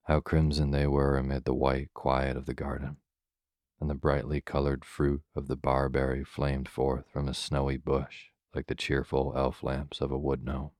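A man reading a calm bedtime story in a very deep, steady voice. His delivery is slow and soothing with little rise and fall. The sound is dry and close to the mic. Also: no room sound.

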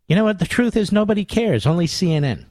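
A man's voice: sits high, lively intonation, quick pace, darkish tone, no echo. An older man hosting a political talk radio show, combative and sarcastic, speaking into a studio microphone.

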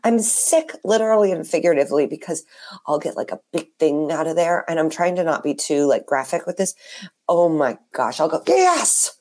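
A woman in her thirties, hoarse and raspy from being sick, co-hosting a casual chat podcast with animated swings in her voice. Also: a little fast. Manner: animated, swings up high when fired up. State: hoarse from a cold. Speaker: podcast co-host.

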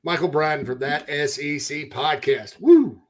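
A man's voice: fairly high pitch, fairly even intonation, moderate pace, fairly bright tone. A man hosting a college football podcast, chatting casually and folksy, laughing easily with guests. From southern United States. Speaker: podcast host. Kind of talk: casual sports talk.

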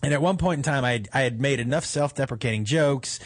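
A man's voice: mid-range voice, quick pace. A middle-aged man hosting a radio talk show, telling funny self-deprecating stories and swearing freely. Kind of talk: casual storytelling chat.

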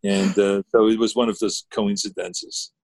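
A man's voice: lowish voice, little pitch movement, moderate pace, a little mellow, no room sound. A man, chatting casually as a guest on a video call, rambling with many fillers and restarts. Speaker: guest, former governor.

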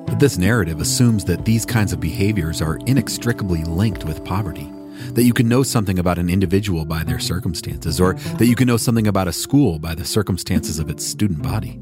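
A man reading scripted documentary narration in a measured, even way as the podcast narrator. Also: low-pitched. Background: music bed.

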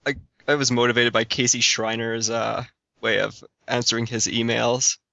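A man co-hosting a podcast, with a bright, forceful voice. He laughs easily and likes to tell anecdotes. The audio is dry and somewhat dull. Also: mid-range voice, little pitch movement, normal speed, gravelly, dry recording. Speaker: podcast co-host. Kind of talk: casual podcast chat.

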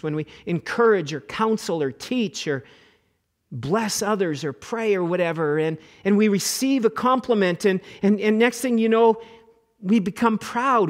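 A middle-aged man preaching a sermon as pastor, animated, acting out quoted voices and repeating words as he goes. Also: high-pitched, moderate pace.

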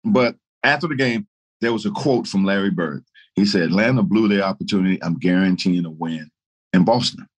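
A man, a guest telling lively stories in casual chat and laughing through them. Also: deep voice, fairly quick. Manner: animated storyteller, laughing through anecdotes. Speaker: guest, retired basketball player.

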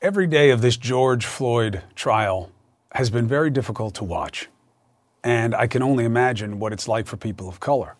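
A man's voice: mid-range voice, moderate pace, no echo. Emphatic man hosting a news show. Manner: emphatic, conversational, personal. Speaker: host. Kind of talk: news commentary and interview.

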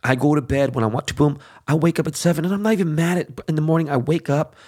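A man's voice: on the high side, quick pace, darkish tone. Profane, ranting man host. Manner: profane, heated ranting with many fillers and restarts. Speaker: show host. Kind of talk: casual monologue.

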